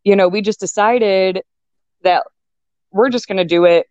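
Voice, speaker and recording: A woman's voice: medium pitch, unhurried, a little mellow, no room sound. A young woman chats casually as a guest, rambling along with fillers and false starts. Her voice sits mid-range, and the recording is dry and a little dull, like lo-fi audio. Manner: chatty, rambling with many fillers and restarts. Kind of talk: casual chat. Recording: dull lo-fi sound.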